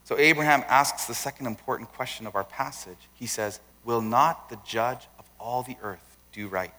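A male pastor preaching in a relaxed, conversational way. His voice has a bright, lively ring. A long church reverb trails behind each phrase. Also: medium pitch, moderate pace. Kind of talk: sermon.

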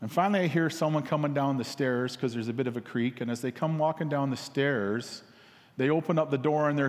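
A man's voice: mid-range voice, fairly quick. A man telling a parable in a casual, repetitive sermon, with many fillers and restarts. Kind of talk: rambling storytelling sermon. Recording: long hall reverb.

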